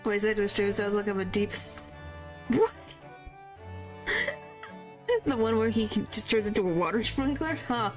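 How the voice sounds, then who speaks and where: A woman's voice: mid-range voice, animated, a little slow, pauses often, soft background music. A woman streaming a video game, chatting casually and playfully, trying out character voices. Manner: playful, tries out voices, mild exclamations.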